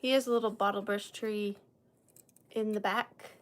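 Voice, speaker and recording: A woman's voice: mid-range voice, fairly even intonation, normal speed. A woman with a Southern US accent hosting a live vintage sale, chatty and bubbly, thanking viewers by name. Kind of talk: casual live-stream selling. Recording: faint room noise.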